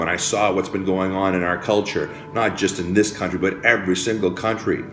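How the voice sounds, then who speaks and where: Low-voiced man giving a motivational speech. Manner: preachy, repetitive, swings from hushed to rousing. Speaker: motivational health speaker. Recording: roomy with faint music behind.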